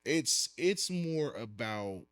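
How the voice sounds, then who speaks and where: A man's voice: medium pitch, sing-song, takes it slowly, fairly bright tone, no echo. A man co-hosting a podcast, talking emphatically and with strong opinions in heavy slang. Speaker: podcast co-host. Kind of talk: casual chat about anime.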